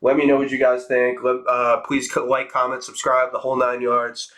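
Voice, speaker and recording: Young guy, casual storytime, animated and profane, crisp bright voice. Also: medium pitch. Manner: fast, animated, swearing, acts out quotes. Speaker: streamer telling a story.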